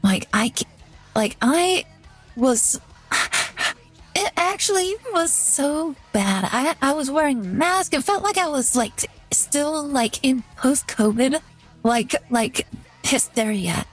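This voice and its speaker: A young woman hosting a live stream, chatting to her viewers in a loose, rambling way and leaning on "like" constantly. Her voice sits high. Soft music plays faintly behind her. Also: animated, slow. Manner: rambling, chatty, heavy use of "like". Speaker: VTuber streamer. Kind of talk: casual live-stream chat.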